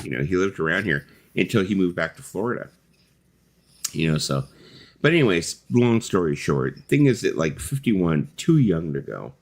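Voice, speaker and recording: A middle-aged man hosting a casual live chat, telling rambling stories full of fillers and the odd swear word. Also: sits low. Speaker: host.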